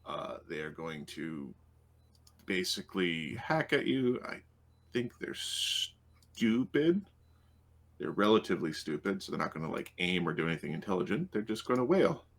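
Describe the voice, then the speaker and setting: Low-voiced man running the game, full of ums. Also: big pitch swings, normal speed, vocal fry. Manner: hesitant, full of ums, working through rules aloud. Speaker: game master.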